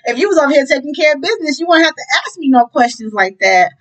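High-voiced profane woman reading tarot. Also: fast talker, rough recording. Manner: profane, animated, breaks into song. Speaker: tarot reader. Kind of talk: casual tarot reading with singing.

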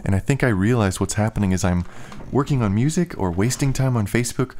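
Low-voiced man slurring a little. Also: fast talker, a little mellow, slight background noise. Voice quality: slightly slurred speech. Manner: loose, filler-heavy talk with "like". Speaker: musician and vlogger. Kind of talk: casual rambling vlog chat.

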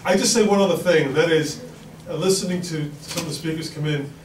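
A man's voice: a little high, fairly quick, a little hiss or hum. A middle-aged man with a Queens, New York accent giving a rambling, informal speech to an audience, with many fillers and restarts. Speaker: congressman speaking at a forum. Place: large event hall with an audience. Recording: echoey hall recorded from far off.

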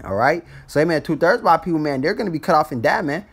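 A man's voice: a little high, quick pace, fairly bright tone. A man teaching scripture in a casual, blunt street style, ending almost every phrase with "man". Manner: blunt and profane when exhorting.

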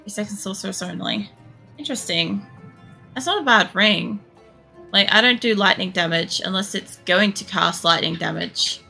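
A woman streamer giving casual, chatty gameplay commentary, swearing freely as she thinks out loud. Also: on the low side, gravelly. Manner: chatty and profane, thinking aloud. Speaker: game streamer.

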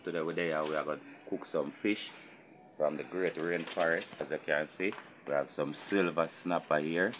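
A Jamaican man with a remarkably deep voice hosts his outdoor cooking channel. He talks to his viewers in a loose, patois-flavoured way. Frying sizzle and the clatter of pots carry clearly behind him. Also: steady tone, moderate pace, a bit bright, a little hiss or hum. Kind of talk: casual cooking vlog. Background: frying sizzle and pot clatter.

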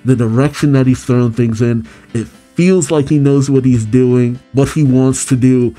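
Male reaction host, warm and low-toned, narrates manga panels and gushes openly; faint music bed. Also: fairly even intonation, a little slow. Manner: reads character lines aloud, then gushes emotionally. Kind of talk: casual manga chapter recap and reaction.

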